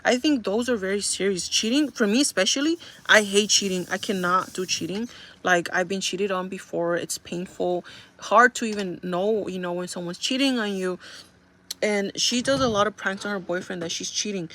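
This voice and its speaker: A woman's voice: medium pitch, normal speed, a bit bright. Chatty young woman rambling with fillers. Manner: rambling, filler-heavy storytelling with frequent "like". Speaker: vlogger. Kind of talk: casual chat.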